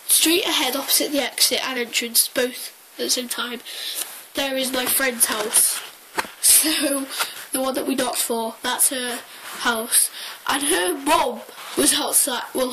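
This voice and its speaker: A young woman tells a casual story in a high, unhurried voice, rambling excitedly with lots of fillers and restarted sentences. A faint hiss runs behind her, and the audio is poor.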